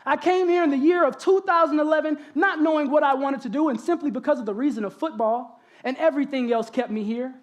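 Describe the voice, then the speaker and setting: A young man from Texas with a Southern accent, giving an animated spoken-word poem and talk as a college guest speaker, speaking directly to the audience. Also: very high-pitched, fast talker. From Galveston, Texas. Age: young adult. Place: college convocation auditorium.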